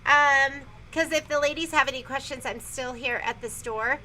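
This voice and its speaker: A woman's voice: high-pitched, moderate pace, pushed and bright, slight background noise, poor audio. A woman co-hosting a casual shop livestream, giggly and self-deprecating, talking from her sewing store. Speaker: store co-host.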